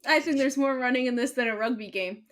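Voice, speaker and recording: A woman co-hosting a podcast, pitched somewhat high for a woman. She moves the recap along with laid-back, dry summaries and light laughter. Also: fast talker, fairly bright tone. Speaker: podcast co-host. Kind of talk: casual recap chat.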